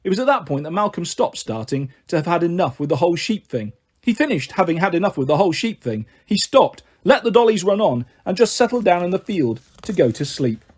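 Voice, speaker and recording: A man tells a children's story with a lively, springy delivery. His voice sits high and swoops around a lot, with a slightly breathy edge. He plays up every scene. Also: a little fast. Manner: lively, acts out every character with shifting voices. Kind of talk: audiobook reading of a children's novel.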